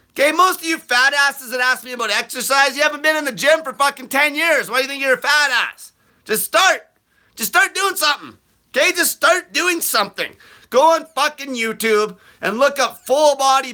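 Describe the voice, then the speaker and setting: A man hosting a live question-and-answer show, ranting bluntly and aggressively, swearing constantly and breaking into shouts. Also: very high-pitched. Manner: fast bursts of shouting. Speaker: host answering viewer questions. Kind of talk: live Q&A rant.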